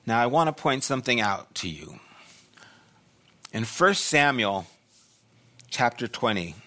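An older man preaching a sermon as pastor, telling a personal story with loud bursts and quiet asides. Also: mid-range voice, very animated, unhurried.

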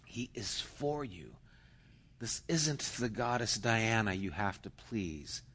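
A man preaching a sermon, slow and emphatic, rising into loud cheering bursts. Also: lowish voice, big pitch swings, breathy edge. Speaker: pastor.

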